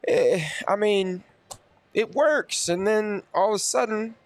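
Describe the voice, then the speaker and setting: A man's voice: high-pitched, slow pace, no room sound. A man co-hosting a postgame sports talk show, speaking bluntly and casually, with some swearing.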